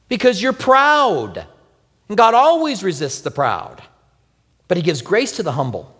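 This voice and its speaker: A man preaching a sermon as pastor, telling personal stories with lively, animated delivery and acting out quoted prayers in a soft voice. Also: high voice, unhurried, long pauses, in a large hall. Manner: animated storytelling, acts out quoted prayers softly.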